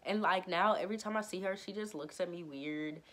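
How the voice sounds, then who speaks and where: Young woman, vlogger, casual slangy storytelling, lowish voice. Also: brisk, a bit bright. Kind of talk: storytime vlog.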